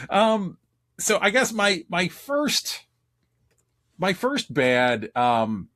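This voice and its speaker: A man's voice: sits high, huge pitch swings, very slow, a bit bright. A man co-hosting a casual movie review podcast, often laughing and stumbling over restarts. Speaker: podcast co-host.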